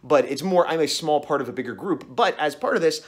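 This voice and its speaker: Fast-talking animated man on a vlog. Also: on the high side. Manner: rambling, animated, acts out the other voices in the story. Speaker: comic artist vlogger. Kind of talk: casual storytelling vlog.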